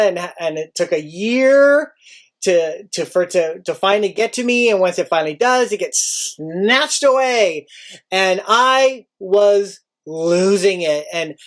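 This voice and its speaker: A man who works as a teacher, telling a story casually and acting out his own panic with sudden high outbursts.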